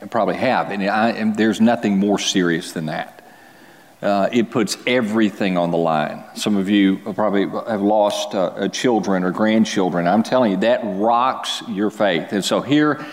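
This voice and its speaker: A male pastor delivering a sermon in an earnest, conversational way, often restarting a phrase before pressing on. His voice sits at an ordinary middle pitch. It rings out with the long reverb of a large hall. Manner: earnest, conversational preaching with frequent restarts and dramatic pauses.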